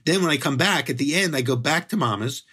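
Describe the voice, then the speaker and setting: A man's voice: fairly high pitch, fast talker, breathy edge. A middle-aged man from the Philadelphia area, a guest telling stories in a casual interview and acting out the dialogue. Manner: lively storyteller who acts out dialogue. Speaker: guest, bread author.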